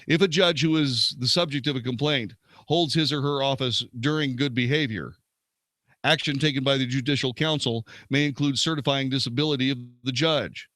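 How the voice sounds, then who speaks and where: A man hosts a show, reading legal texts aloud and commenting on them; he reads steadily but stumbles and corrects himself now and then. His voice is medium-pitched and a bit bright, at a moderate pace, with no room sound.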